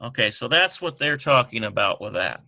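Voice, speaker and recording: A man teaching a lesson over a screen recording, talking haltingly with many ums and self-corrections. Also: medium pitch, very animated, gravelly, bright, forceful tone, dry recording.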